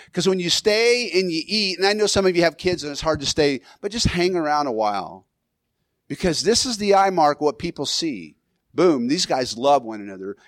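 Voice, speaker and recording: A man preaching a sermon in a church, his voice sitting a bit high for a man. He talks loosely and conversationally, restarting phrases and chuckling now and then. The sound is dry, with no room echo. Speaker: pastor.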